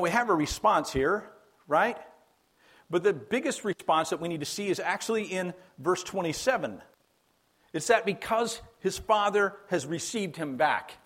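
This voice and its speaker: A man's voice: a little high, a bit bright, breathy edge. A man preaching a sermon as a pastor, in a conversational, emphatic way that repeats key phrases for weight.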